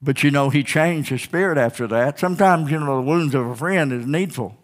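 A male pastor preaching a sermon, telling stories with acted-out dialogue, calling for an "Amen," and slowing down to stress key words. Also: fairly high pitch. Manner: storytelling preacher, acts out quoted exchanges, calls out "Amen?"; slows and stretches key phrases for emphasis.

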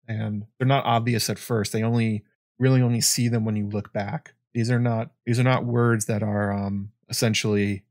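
A man's voice: fairly low pitch, no room sound, studio quality. A man hosting a casual livestream about books, rambling with many fillers and restarts. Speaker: livestream host.

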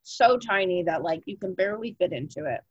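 A woman's voice: on the low side, lively intonation, fairly quick, husky, dry recording, dull audio. A young woman co-hosting a podcast in casual chat, talking loosely with lots of "like" fillers and casual swearing. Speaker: podcast co-host.

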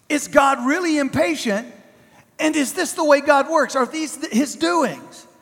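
High-voiced male preacher in a reverberant hall. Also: fairly bright tone. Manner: emphatic, repetitive preaching with drawn-out stresses. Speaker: pastor. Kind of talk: sermon.

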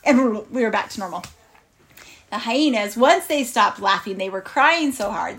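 A woman's voice: on the high side, normal speed. Woman spinning a playful kids' story. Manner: animated, acts out animal voices and sound effects. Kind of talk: playful improvised children's story.

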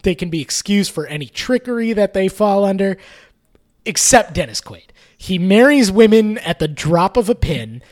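A man co-hosting a casual movie review chat, animated, laughing often and swearing freely. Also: high-pitched, moderate pace. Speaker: podcast co-host.

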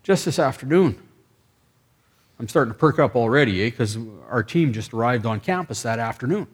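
A male preacher, speaking at an ordinary middle pitch. He tells his sermon stories with animated energy, acting out the dialogue and breaking into excited bursts. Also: fast talker. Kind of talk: sermon storytelling.

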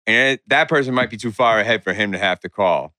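A man's voice: fairly low pitch, fairly quick, pushed and bright, dry recording, studio quality. A young man in casual chat, laid-back and rambling, laughing along.

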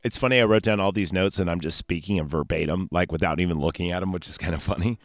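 A man's voice: low voice, fast, no room sound. A man hosting a casual solo podcast, recapping a film in a loose, rambling way and correcting himself as he goes. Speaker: podcast host.

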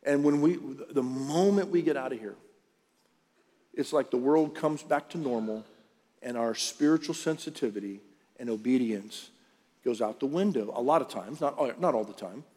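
A pastor preaches a conversational sermon to his congregation during a church service, mixing scripture reading with jokes. His warm, mid-range voice moves at a moderate pace, and the recording has a long church-hall reverb.

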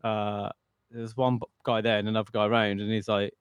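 A man's voice: fairly low pitch, little pitch movement, fairly quick, clean tone, no room sound, muffled recording. A man co-hosting a podcast, telling a story in a casual, rambling way with lots of restarts. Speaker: podcast co-host. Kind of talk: casual chat.

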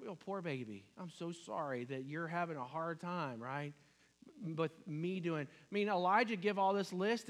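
A man's voice: a little high, fairly bright tone. A man preaching a sermon in a conversational way, often asking "right?" and acting out whispered lines. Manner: conversational, with frequent "right?" asides; acts out dramatic whispered lines as God.

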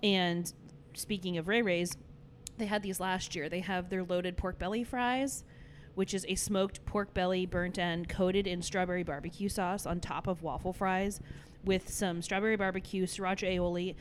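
A woman's voice: on the low side, steady tone, moderate pace, a little hiss or hum. A woman co-hosting a casual podcast, chatting and running through a list with lots of fillers. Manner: chatty, runs down lists with many fillers. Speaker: brewery podcast co-host. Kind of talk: casual chat.

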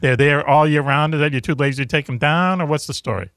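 A man's voice: fairly high pitch, fast, fairly bright tone, no room sound, clean studio sound. A man hosting a casual chat, teasing his guest and laughing often. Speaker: host.

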